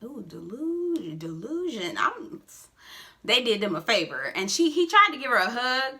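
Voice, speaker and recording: A woman giving a casual, sassy recap of a reality show, with expressive asides and big swings in pitch. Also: normal speed.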